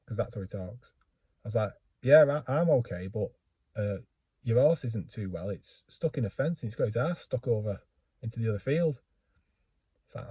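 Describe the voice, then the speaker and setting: A man tells a rambling, self-deprecating story to his vlog audience, stopping and restarting as he goes. His voice is mellow and a little husky. It sounds dry and close, with no room echo. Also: medium pitch, animated, normal speed. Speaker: book vlogger. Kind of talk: casual storytelling.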